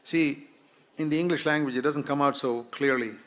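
A man's voice: fairly high pitch, moderate pace, fairly bright tone. Earnest male preacher, fervent sermon. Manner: earnest, builds to fervent exhortation. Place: church service.

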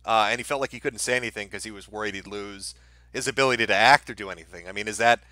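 A man's voice: lowish voice, fast talker, bright, forceful tone, no room sound. A man hosting a casual interview, drawing his guest out with probing questions. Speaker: host.

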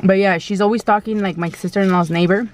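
A woman's voice: mid-range voice, fairly even intonation, fast, a little mellow, slight background noise. A woman vlogger telling a story in a casual, blunt way, with slang and mild swearing, while she eats. She acts out quoted lines in a raised, exclaiming voice.

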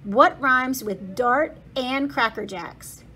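A level-headed schoolboy leader speaks calmly, a little lower than the reader's own voice, as a woman reads his lines. He keeps the storybook team on track. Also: slow, a little hiss or hum, heavily acted.

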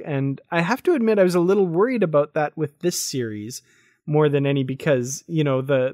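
A man co-hosting a podcast, talking in a relaxed, thoughtful way and laughing easily. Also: fairly high pitch, no room sound, clean studio sound. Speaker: podcast co-host. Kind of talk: casual review chat.

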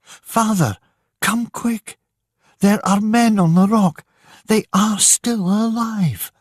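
A man's voice: sits high, slow, breathy edge, no room sound, studio quality, pitched above the performer's own voice, heavily acted. A man voicing a brave young woman, a lighthouse keeper's daughter, in a raised, urgent voice for a storybook reading. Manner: urgent, pleading.

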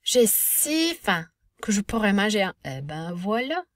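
A woman in her thirties, a French teacher, explaining a lesson clearly and patiently with lively emphasis. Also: medium pitch, unhurried, no echo, studio quality. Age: 30s. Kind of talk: recorded language lesson.

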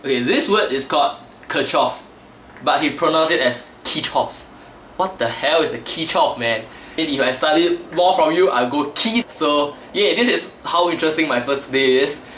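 A man's voice: on the high side, lively intonation, normal speed, fairly bright tone, slight background noise. A young man chatting casually in a vlog, rambling and losing his train of thought, with a cheeky edge. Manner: rambling, loses track, cheeky. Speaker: student vlogger. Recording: echoey room, mic at a distance.

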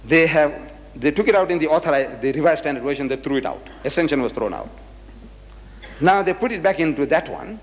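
A man's voice: fairly high pitch, expressive, brisk. An older man from South Africa giving an emphatic religious lecture, firing rhetorical questions at his audience. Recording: hall with long reverb.

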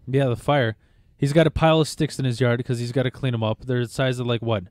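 A man's voice: medium pitch, fairly even intonation, fast talker, darkish tone, no echo, studio quality. A man hosting a podcast, telling a story in loose casual chat, swearing often and stammering through restarts. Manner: rambling, profane, stammers and restarts. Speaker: podcast host.

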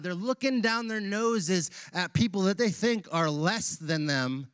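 A male pastor preaching a sermon in a church, casual and animated, using slang as he retells a Bible passage. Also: high voice, normal speed, hardly any pauses, clear, resonant tone, dry recording, clean studio sound. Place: church sanctuary.

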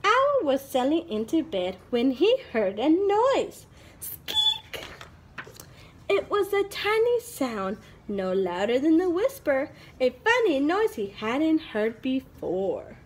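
A woman's voice: high-pitched, wildly swooping pitch, slow pace, hardly any pauses. A young woman, a preschool teacher, reading a picture book aloud to young children with an exaggerated, sing-song delivery.

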